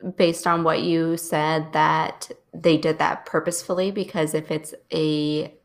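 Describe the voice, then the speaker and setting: A woman co-hosting a TV recap, asking thoughtful questions in a slightly halting way. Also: deep voice, flat delivery, vocal fry. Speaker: podcast co-host. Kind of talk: casual TV recap chat.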